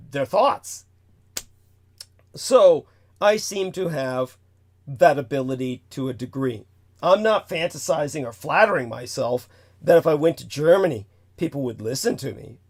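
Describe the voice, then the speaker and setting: A man hosting a talk show, delivering a rambling, emphatic lecture full of asides. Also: fairly high pitch. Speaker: host.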